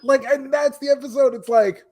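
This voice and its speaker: A man's voice: very high-pitched, normal speed, crowd noise. A man co-hosting a podcast, telling stories in casual chat with lots of swearing and acted-out quotes. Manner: profane, animated storytelling with quoted voices. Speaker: podcast co-host.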